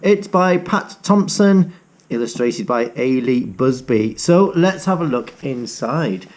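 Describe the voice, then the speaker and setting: A middle-aged teacher reading a picture book aloud to young children, coaxing them to join in. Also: male voice, mid-range voice, animated, takes it slowly, darkish tone.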